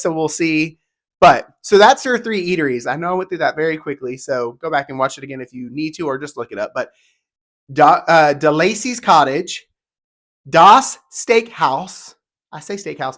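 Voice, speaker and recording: A theme park vlogger talks casually and enthusiastically in a fairly high, slightly bright male voice. Part of the time he reads descriptions aloud, all in a rapid-fire, chatty style.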